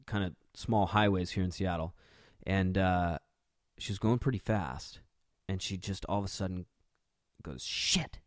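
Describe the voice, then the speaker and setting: A man's voice: sits low, no room sound, clean studio sound. A man in young adulthood, hosting a podcast and telling a rambling, casual story with laughs between phrases. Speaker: podcast host.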